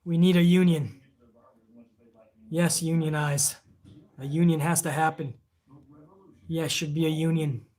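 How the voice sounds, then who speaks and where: A man's voice: a little high, flat delivery, a little slow, long pauses, darkish tone. A man hosting a live wrestling stream, chatting casually and rambling with plenty of swearing while reading viewer donations aloud.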